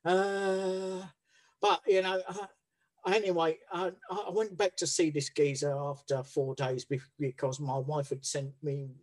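A man's voice: on the high side, little pitch movement, unhurried. A man telling his recovery story in a blunt, rambling way, swearing freely and restarting his sentences. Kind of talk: candid personal storytelling.

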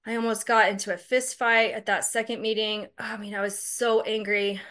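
A woman's voice: medium pitch, fairly even intonation, moderate pace, a bit bright. A woman casually telling a personal story, candid, profane and self-mocking, chatty with lots of fillers.

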